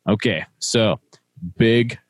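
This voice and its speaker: A man's voice: lowish voice, slow pace, dry recording. A man with a Midwestern accent co-hosting a casual devotional, laughing easily and reading scripture steadily. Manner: easygoing, laughs often, reads scripture steadily. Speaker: devotional co-host.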